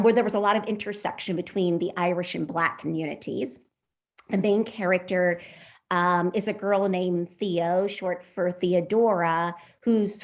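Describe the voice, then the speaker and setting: A woman author introducing and reading her novel at a literary festival, hesitant with fillers in talk and lively in the reading. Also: medium pitch. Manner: hesitant with many fillers between thoughts; lively, sing-song reading of the excerpt.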